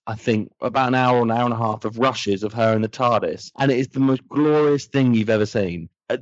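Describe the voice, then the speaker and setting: A man hosting a podcast, telling stories in an animated, jokey way. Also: medium pitch, no echo, highs cut off. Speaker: podcast host. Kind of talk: casual podcast chat.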